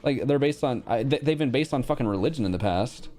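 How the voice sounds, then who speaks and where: A man chatting casually on a livestream, blunt and profane, quick to react. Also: mid-range voice, expressive, mellow. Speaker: streamer.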